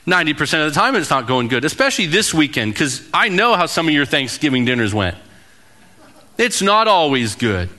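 A man in his thirties preaches with a bright, forceful voice that sits a little high for a man. He tells personal stories earnestly and sinks into a hushed, intimate tone to drive a point home. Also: sing-song, fairly quick. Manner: earnest storytelling, dropping to a hushed tone for emphasis. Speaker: pastor. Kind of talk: sermon.

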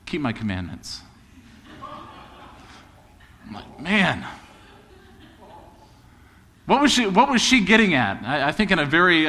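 A man's voice: medium pitch, a bit bright, long reverb tail. A man preaching a sermon as a pastor, moving from casual storytelling into emphatic, building preaching.

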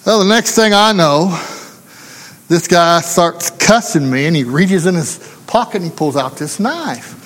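A man preaches a sermon in a folksy storytelling manner, slipping into the voices of the people in his tale. His voice sits high for a man. It rings with the long reverb of a church hall. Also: lively intonation, unhurried, fairly bright tone. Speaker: pastor.

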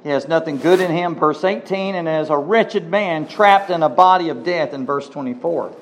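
Man, high-pitched voice, sermon delivery, emphatic, addresses the congregation directly. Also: moderate pace. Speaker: pastor. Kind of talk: sermon with scripture reading.

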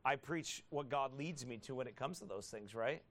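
A man preaching a sermon as a pastor. He asks the congregation rhetorical questions, builds into loud emphatic passages and reads scripture in a slow, drawn-out cadence. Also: medium pitch.

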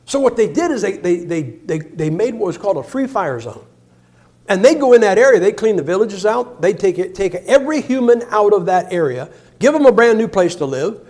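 Guy preaching a sermon, fairly high voice, folksy jokey storyteller, trips over his words, goes loud then drops way down. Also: very animated, brisk. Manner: folksy, joking storyteller with many restarts; shifts between loud emphasis and soft, low asides. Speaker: guest preacher.

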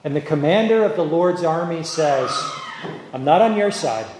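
High-voiced preacher in an echoey hall. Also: male voice, lively intonation, background noise. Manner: chatty aside turning into measured preaching with rhetorical repetition. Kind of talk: sermon. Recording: echoey hall, some distance from mic.

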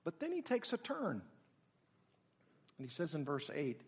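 A middle-aged man preaching a sermon, swinging from loud exclamations down to near whispers. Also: a little high, huge pitch swings, a little slow, pauses often, slightly rough. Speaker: pastor.

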